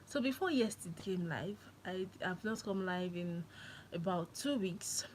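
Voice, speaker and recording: A young woman from Nigeria chatting on a live stream from her phone, excitable and laughing often. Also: lowish voice, a little slow, slight background noise, low-quality recording. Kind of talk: casual live-stream chat.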